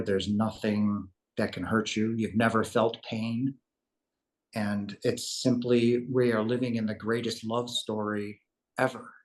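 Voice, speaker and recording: A man telling a personal spiritual story in a rambling, earnest way, acting out the dialogue. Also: on the low side. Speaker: guest telling his near-death story. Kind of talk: casual storytelling.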